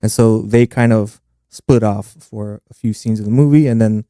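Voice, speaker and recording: A man with a lowish, mellow voice on a movie podcast, recorded close and dry. He recaps the film's plot in an even, explanatory way, like he is catching the listener up. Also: normal speed, clear, resonant tone, dry recording. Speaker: podcast co-host. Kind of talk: casual movie discussion.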